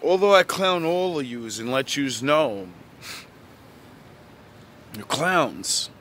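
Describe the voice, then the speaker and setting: A man delivering a profane, preachy ranting monologue that lectures the listener, repeats catchphrases and bursts into shouting. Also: a little high, big pitch swings, slow pace, slight background noise. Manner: repeats catchphrases and "yous" address. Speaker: online preacher-style commentator.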